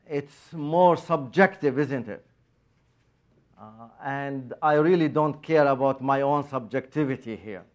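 A man preaching a sermon in a slow, halting way with many pauses and fillers, his phrasing a little non-native. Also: mid-range voice.

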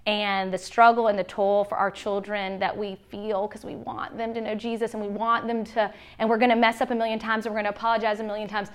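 A woman's voice: flat delivery, brisk, few pauses, smooth. A woman, giving a chatty, heartfelt church workshop talk and acting out quoted lines. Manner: chatty, heartfelt, acts out quotes with big pitch swings. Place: church meeting room.

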